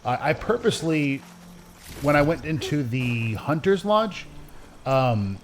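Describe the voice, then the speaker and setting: A man co-hosting a let's play, chatting casually and rambling, with lots of restarts and animated retellings. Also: on the high side, takes it slowly, a little hiss or hum. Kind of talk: casual gameplay commentary.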